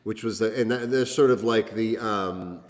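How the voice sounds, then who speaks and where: A man with a lowish voice talks casually as a guest and rambles through his memories, filling pauses and restarting often. A long reverb trails behind his words. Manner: rambling, many fillers and restarts. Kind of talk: casual chat.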